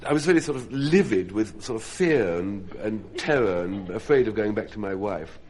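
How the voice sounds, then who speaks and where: A man spins a self-mocking comic story for a studio audience, and his voice rises and falls in big swoops. It comes through as a 1970s radio broadcast. Loud audience laughter fills the gaps. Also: on the low side, animated, normal speed, crowd noise. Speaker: comedy panelist.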